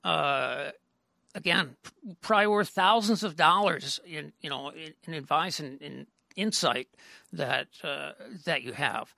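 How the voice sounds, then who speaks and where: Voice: mid-range voice, measured pace, creaky, bright, forceful tone, no room sound. A podcast host chatting casually with a guest, stammering through many restarts. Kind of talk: casual interview talk.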